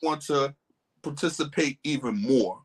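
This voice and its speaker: A man chatting casually about a dating show, relaxed and easygoing, who sometimes mimics upbeat voices. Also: unhurried, husky. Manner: laid-back, acts out voices going high and upbeat. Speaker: co-host guest. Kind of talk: casual chat.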